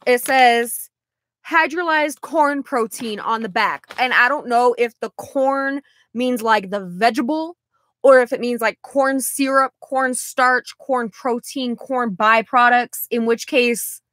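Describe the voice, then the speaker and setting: A woman's voice: fairly high pitch, takes it slowly, fairly bright tone, no echo, clean studio sound. A young woman rambling in a casual vlog, exasperated and sighing as she talks. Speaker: vlogger.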